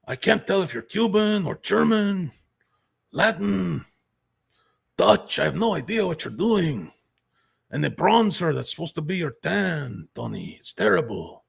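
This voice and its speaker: A man putting on the voice of an exasperated male mob boss who nags and mocks a gangster in a raspy, gravelly tone. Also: fairly high pitch, big pitch swings, unhurried, pauses often, pitched above the performer's own voice, full character voice. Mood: scolding. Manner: nagging, mocking complaints.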